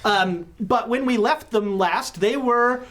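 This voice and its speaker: A woman's voice: a little high, slow pace. A woman running a tabletop horror game as game master, chatty and full of joking asides.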